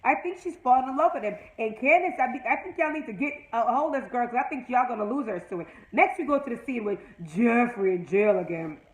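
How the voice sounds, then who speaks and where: A woman from Jamaica with a high voice recaps a TV episode in loose, chatty commentary. She talks bluntly and sassily, with profane asides. The room around her rings with echo. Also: lively intonation, fast, hardly any pauses. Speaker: TV episode reviewer.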